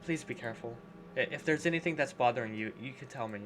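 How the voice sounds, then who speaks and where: A man softly voicing a worried, polite teenage girl. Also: mid-range voice, fast talker, slight background noise, close to an everyday voice. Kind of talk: reading a visual novel aloud.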